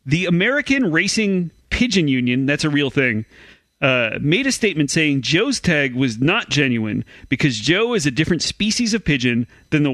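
A man's voice: on the high side, a bit bright, no echo. A man co-hosting a comedy podcast, reading news items aloud in a dry, matter-of-fact way.

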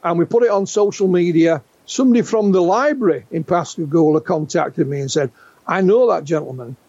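Speaking a little fast in a high, warm voice, this Englishman in his sixties is a guest UFO researcher who animatedly tells stories in conversation, frequently starting over. The sound is dry, dull, and lo-fi.

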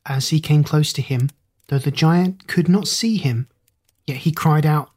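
Storybook reader, husky breathy voice, middle pitch, calm even reading. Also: a little slow. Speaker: narrator. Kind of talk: storybook narration.

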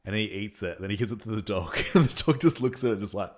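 Male co-host, easygoing and rambling, halting often, quick to laugh, somewhat low register. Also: lively intonation. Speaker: podcast co-host reviewing films. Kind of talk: casual chat.

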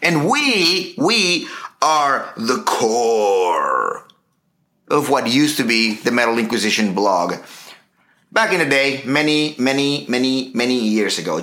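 Lively, bright-voiced male podcast host. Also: mid-range voice, takes it slowly. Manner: profane, joking, lively. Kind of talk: casual podcast banter.

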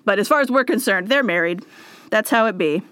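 A woman hosts a relaxed podcast, walking through a history story in a chatty way, with plenty of fillers and side remarks. Her voice sits in a middle range, and the recording is dry with no room sound. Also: medium pitch, fairly quick, clean tone, no room sound. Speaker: podcast host. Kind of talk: casual chat.

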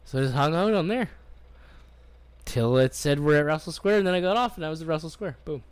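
A man's voice: fairly high pitch, brisk, smooth. Rambling, swearing podcast guy. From Canada. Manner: rambling, profane, acts out quoted voices. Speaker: podcast co-host. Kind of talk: casual storytelling chat.

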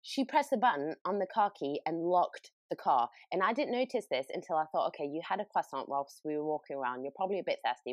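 A woman's voice: sits low, dry recording. A woman with a British accent, a podcast host telling a story in casual chat, laughing often. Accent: British English.

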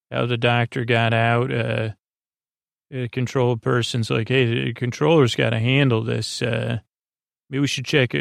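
Gravelly, flat-voiced man rambling a recap. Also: mid-range voice, no room sound, studio quality. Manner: halting, with many "uh" fillers and restarts. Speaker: podcast host recapping an episode. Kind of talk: slow, rambling sleep podcast recap.

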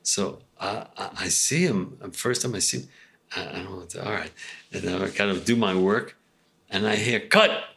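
An older male actor telling casual anecdotes in a rambling, animated way, full of restarts. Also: sits low, normal speed, vocal fry. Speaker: actor guest.

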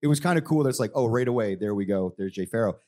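A man's voice: on the low side, expressive, very fast, dark tone. A man co-hosting a live podcast who teases his co-host and acts out quotes in put-on voices. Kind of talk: casual banter on a live podcast.

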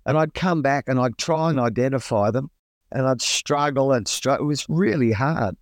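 A man's voice: mid-range voice, moderate pace, no echo. A middle-aged Australian man recalls his experiences in a chatty, colloquial manner, now and then acting out what he said back then. His voice sits in an ordinary middle range. It is recorded dry, with almost no room sound. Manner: chatty, relaxed, colloquial, acts out his own exclamations. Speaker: guest. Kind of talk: casual storytelling.

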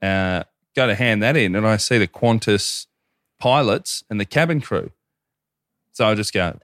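A man in his thirties, co-hosting a casual podcast, telling crude, profane stories with animated quoted voices. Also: lowish voice, a little slow, no room sound, clean studio sound. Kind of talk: casual chat, storytelling.

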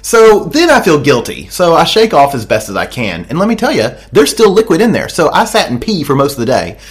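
Crude, rambling Australian man, lively pitch. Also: fairly quick. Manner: crude, rambling storyteller who laughs at his own jokes. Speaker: podcast co-host. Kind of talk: casual chat. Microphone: desk microphone.

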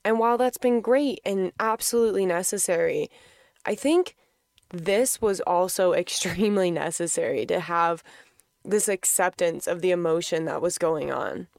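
A woman's voice: fairly low pitch, normal speed, vocal fry, darkish tone, dry recording, clean studio sound. A woman speaking openly and casually about her feelings, laughing often and swearing freely. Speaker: podcast host sharing a personal story. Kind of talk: candid reflective monologue.

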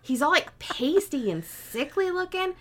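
A woman co-hosting a podcast in casual chat, animated and rambling, laughing often. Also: sits high, measured pace, slight background noise. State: mildly sick. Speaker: podcast co-host.

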